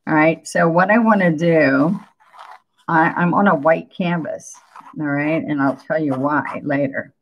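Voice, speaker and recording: Chatty older woman with a low gravelly voice. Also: unhurried, dull audio, a little hiss or hum. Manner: chatty, greets viewers, laughs often. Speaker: painting instructor hosting a livestream. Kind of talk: casual live painting lesson.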